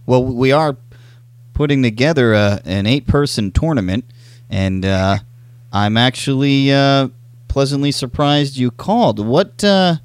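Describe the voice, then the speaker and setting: A man in an improvised comedy bit, talking with halting starts and repeated words. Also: medium pitch, no room sound.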